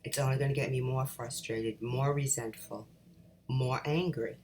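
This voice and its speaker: A middle-aged woman coach giving calm, encouraging advice straight to her viewers, whom she calls ladies. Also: very deep voice, moderate pace, a little hiss or hum. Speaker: life coach. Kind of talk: motivational talk to camera.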